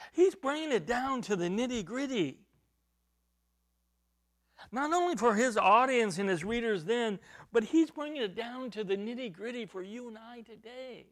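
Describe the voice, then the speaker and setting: A man preaching an expository sermon, emphatic and repeating himself, dropping at times to a hushed near-whisper. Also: extremely high pitch, animated, measured pace, pauses often. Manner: repeats and restarts words while reaching for a point.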